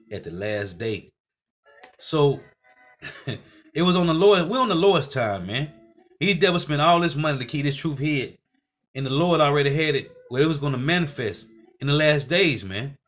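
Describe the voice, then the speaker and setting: A man's voice: fairly high pitch, a bit bright. A man giving preaching commentary who keeps ending his phrases with "man" and quotes scripture. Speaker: host.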